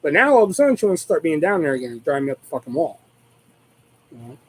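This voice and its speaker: A man hosting his own live stream talks in a loose, rambling way. He swears nearly every sentence, and his voice sits a little high for a man. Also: big pitch swings, fast, slightly rough, rough recording. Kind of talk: casual live stream chat.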